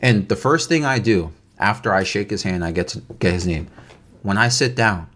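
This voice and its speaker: A young man telling a casual story time vlog, animated and incredulous as he reenacts the night. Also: on the low side, moderate pace.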